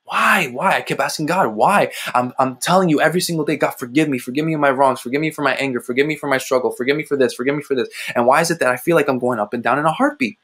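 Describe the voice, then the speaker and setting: A young adult man speaking on his own ministry livestream, talking through a personal faith testimony. He repeats phrases for emphasis and often jumps up in pitch, with a preacherly push to his delivery. His voice sits at an ordinary middle pitch for a man. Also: very fast, hardly any pauses, a bit bright, slightly rough. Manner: emphatic, repetitive, preacherly with sudden rises in pitch. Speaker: ministry host giving testimony.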